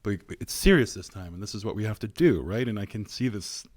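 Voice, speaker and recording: Man, podcast co-host, lowish voice, relaxed reflective chat, dry close mic. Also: brisk, dry recording. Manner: relaxed, reflective, laughs easily. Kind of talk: casual chat.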